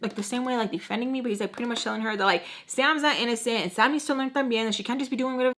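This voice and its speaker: Talking very fast in a high, fairly bright voice, a young woman shares a casual storytime on her vlog. She's chatty and full of "like," mixes in Spanish phrases, and performs the characters in her story using different voices.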